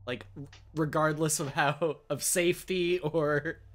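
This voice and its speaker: A man's voice: a little high, steady tone, slow. A man hosting a game stream, chatting casually and rambling with laughs between thoughts. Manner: rambling, laughing, reads chat aloud. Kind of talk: casual chat before a tabletop game stream. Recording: dull lo-fi stream audio.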